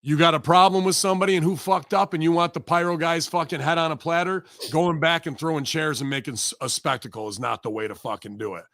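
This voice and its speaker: A man's voice: a little high, fairly even intonation, fast talker, hardly any pauses, fairly bright tone, no echo, studio quality. A man, a pro wrestler, ranting in a heated, profane way on a podcast and acting out what others said. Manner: heated, profane rant acting out quoted voices. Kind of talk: casual podcast chat.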